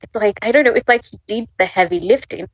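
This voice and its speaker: A woman in her twenties telling an emotional faith story as a podcast guest. She speaks haltingly, restarts often, and laughs through tears. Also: mid-range voice, no echo, highs cut off. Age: 20s. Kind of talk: emotional personal testimony.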